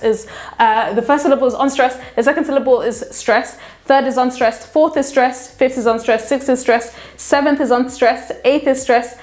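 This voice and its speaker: A woman teaching English literature in an educational video, explaining patiently and checking in with frequent questions to the viewer. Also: a little high.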